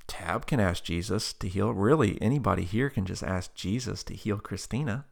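A man with a low, gravelly voice tells a story in easy, conversational speech. His delivery is folksy and full of fillers and restarts. He often jumps into loud, animated bursts. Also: moderate pace. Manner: animated, breaks into loud excited quotes.

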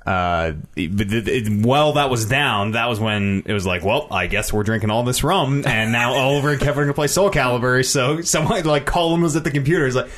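A man's voice: medium pitch, brisk, hardly any pauses, a bit bright. Sarcastic, swearing man. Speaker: podcast co-host. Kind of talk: casual chat.

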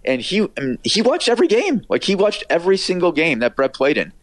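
A man's voice: high-pitched, very animated, brisk, no echo. A middle-aged man, a radio producer, telling stories as an interview guest in a rambling way, full of fillers and acted-out quotes. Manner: rambling, filler-heavy, acts out quoted voices. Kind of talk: casual storytelling interview.

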